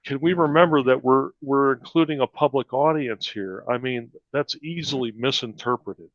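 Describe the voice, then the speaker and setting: A man's voice: medium pitch, dry recording. A man making a comment at a meeting, stumbling over his words and repeating himself as he goes. His voice comes through a dull, muffled line with no room sound at all. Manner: halting, repeats words and restarts often. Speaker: meeting participant.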